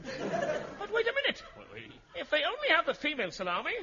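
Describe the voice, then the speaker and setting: An actor playing a flustered, pompous male prime minister, full of excitable exclamations in a 1950s radio comedy. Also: very high voice, fairly quick, full character voice. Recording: dull 1950s radio broadcast with audience laughter.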